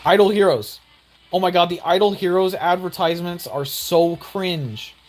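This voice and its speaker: A young man giving excitable, rambling gameplay commentary with exaggerated outbursts. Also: high-pitched, moderate pace, slight background noise. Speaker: gaming YouTuber.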